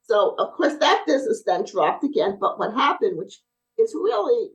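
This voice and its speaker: A middle-aged brace company owner, speaking as a podcast guest, shares lively stories in casual conversation and acts out what everyone said. Her voice leans high and her pace is moderate, but the audio sounds dull.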